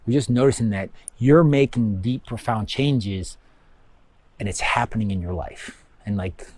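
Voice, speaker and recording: A man's voice: lowish voice, a little slow, a little mellow, no echo. Man, course teacher, rambling casual talk, lots of fillers, dry close recording. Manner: rambling, many fillers, acts out students' inner thoughts.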